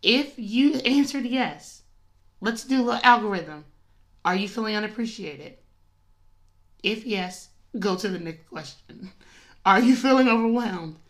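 A woman's voice: mid-range voice, animated, measured pace. A woman hosting a devotional podcast, chatting casually and animatedly, often breaking into laughter. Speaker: podcast host.

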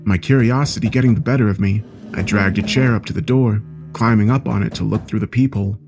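A man with a fairly low voice narrates a horror story. His delivery is steady and measured, with soft music faint behind him.

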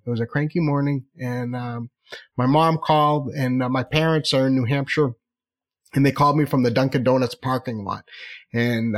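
Chatty man telling a personal story. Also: mid-range voice. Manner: animated, chatty, full of restarts and asides.

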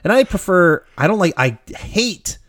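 A man's voice: sits high, big pitch swings, moderate pace, fairly bright tone, no echo. Chatty man recapping a movie, dry sound. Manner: rambling, swears casually, laughs often. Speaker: podcast co-host. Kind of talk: casual movie recap chat.

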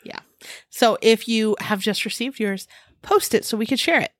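A woman's voice: a little high, normal speed, dry recording, studio quality. A woman co-hosting a true-crime podcast in casual chat. She talks in an upbeat, chatty way. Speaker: podcast co-host.

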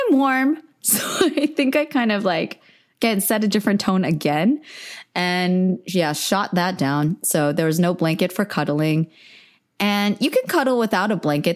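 A woman's voice: lowish voice, darkish tone. Chatty young woman telling a story. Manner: candid, chatty, frequent "like" and laughs. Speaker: podcast host. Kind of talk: personal storytelling.

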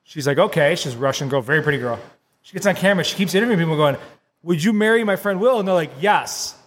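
A man co-hosting a casual podcast, telling an animated story, laughing often and acting out what people said. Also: fairly high pitch, quick pace, big-room sound. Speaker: podcast co-host.

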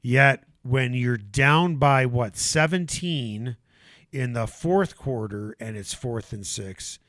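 A man hosting sports talk radio, arguing and ranting in an animated way. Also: medium pitch, slow, no room sound. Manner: animated, ranting, mocking impressions.

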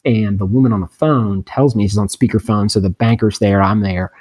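A man in his thirties, a podcast guest in recovery, telling a story in a casual, animated and emphatic way. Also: fairly low pitch, brisk, slightly rough.

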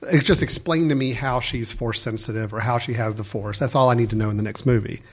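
Guy chatting about a movie, middle pitch, lays out his thinking calmly. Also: husky. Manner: measured, opinionated, explains his reasoning. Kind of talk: casual movie discussion.

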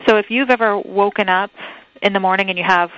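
A woman chiropractor, a guest in an interview, telling a patient story in a lively way. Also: medium pitch, fairly quick, lo-fi sound. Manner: lively anecdote-telling, acts out others in quotes.

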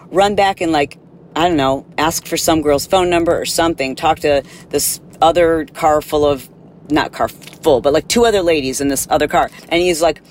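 A woman hosting a podcast, telling an animated, exasperated story in a casual monologue and acting out the people in it. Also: on the low side, slight background noise. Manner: animated, exasperated, acts out quotes. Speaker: podcast host.

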